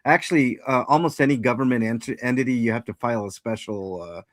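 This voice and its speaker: A man's voice: mid-range voice, fast talker, fairly bright tone, no echo. Rambling, self-mocking male stream host. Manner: rambling, self-mocking, reads chat aloud. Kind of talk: casual live-stream chat.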